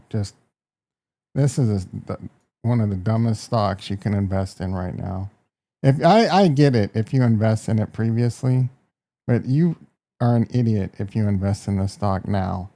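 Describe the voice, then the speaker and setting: A man's voice: fairly low pitch, dark tone. A man with a Midwestern American accent hosting a casual live stock market stream, brash and joking as he reacts to prices and talks to his chat. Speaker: market livestream host.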